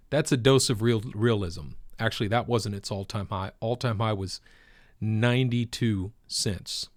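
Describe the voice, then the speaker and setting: In a dry, close recording with no room sound, a man chats about the crypto market in a relaxed, conversational style. His pitch is an everyday middle, and he keeps returning to stress his points with preacher-like repetition.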